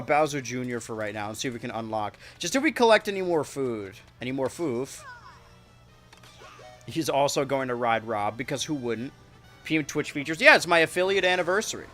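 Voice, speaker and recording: A man streaming a kart racing game, rambling and joking to his chat with sudden excited yelps. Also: fairly high pitch. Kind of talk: live-streamed gameplay commentary.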